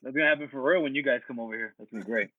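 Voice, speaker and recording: A man hosting a podcast from the road, relaxed, thanking listeners and moving the show along. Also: mid-range voice, racing, dry recording. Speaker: podcast host. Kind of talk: casual chat. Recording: dull lo-fi travel mic.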